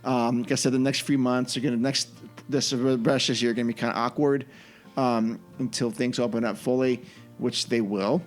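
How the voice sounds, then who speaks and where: A man's voice: medium pitch, steady tone, a little fast, faint music behind. A man hosting a podcast, chatting casually in an easygoing, rambling way as he wraps up the show. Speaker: podcast host.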